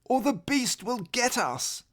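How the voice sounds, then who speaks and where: A man voicing a frantic, protective father rabbit in a storybook read-aloud, with shrill, panicky warnings. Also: big pitch swings, takes it slowly, a bit bright, full character voice. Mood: hushed worry.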